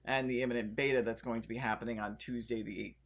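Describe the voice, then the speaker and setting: A man's voice: mid-range voice, steady tone, fast talker. A man hosting a casual podcast. He sounds upbeat and jokey, with many fillers and restarts. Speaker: podcast host.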